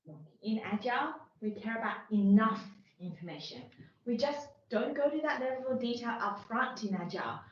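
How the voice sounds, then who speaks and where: A woman's voice: on the high side, expressive, moderate pace, close to an everyday voice. A woman playing a defensive agile team lead who explains her team's methods firmly, in an amateur workplace role-play over a video call. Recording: very echoey, distant mic, dull lo-fi sound.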